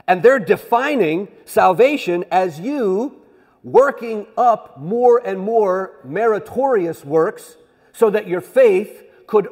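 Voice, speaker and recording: Man, church class teacher, high husky voice, chatty lecturing with rhetorical questions, long hall reverb. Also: a little mellow. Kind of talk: church history lesson.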